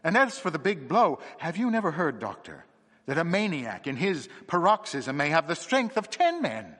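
A man voicing a nervous, excitable young curate who stammers and trembles, in a reverberant space. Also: high voice, a little fast, slightly rough, pitched above the performer's own voice, heavily acted. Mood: feverish. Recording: long reverb.

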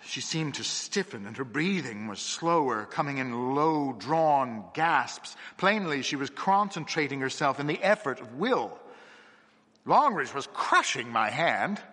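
A man narrates a seance tale in a measured, expressive way, his voice bright and lively in pitch. A slight huskiness sits in his tone. The reading carries a long hall reverb. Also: slightly rough. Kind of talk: scripted narration of a ghost story.

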